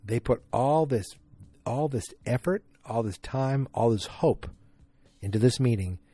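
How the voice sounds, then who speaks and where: A man's voice: expressive, a little slow, mellow, husky. A man hosting a podcast, casually recapping an episode and acting out the characters' lines as he goes. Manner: retells scenes, acting out the lines with pitch jumps; many fillers and restarts, chatty. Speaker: podcast host.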